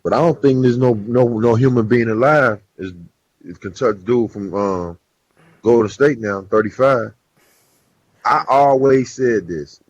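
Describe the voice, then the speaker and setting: Husky man on a dull, dry mic. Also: medium pitch, a little slow, no echo. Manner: argues points, lists stats, slangy. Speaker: podcast co-host. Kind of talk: casual sports chat.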